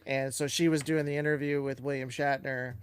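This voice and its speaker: A man's voice: mid-range voice, little pitch movement, brisk, clean tone. A man co-hosting a live question-and-answer stream, telling loose, chatty production anecdotes. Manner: chatty anecdotes with filler and restarts. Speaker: co-host and TV producer. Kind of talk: casual live Q&A storytelling.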